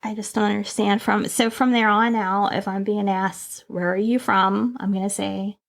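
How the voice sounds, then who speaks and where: A woman's voice: mid-range voice, monotone, moderate pace, vocal fry. A woman co-hosting a podcast in casual chat, laughing often and drifting onto tangents. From Northern Kentucky. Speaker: podcast co-host. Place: indoors, seated on a squeaky chair.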